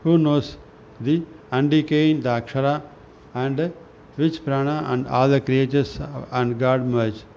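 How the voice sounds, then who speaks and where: Man slowly reading scripture aloud, muffled. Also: mid-range voice, fairly even intonation, a little mellow. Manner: halting, restarts words, clears throat. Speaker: reader of a spiritual newsletter. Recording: dull lo-fi recording with faint noise.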